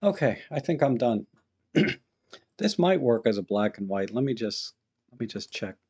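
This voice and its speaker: A man hosting a live photo-editing stream, thinking aloud in a relaxed, chatty way as he works and greets viewers in the chat. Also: mid-range voice, normal speed, husky, highs cut off.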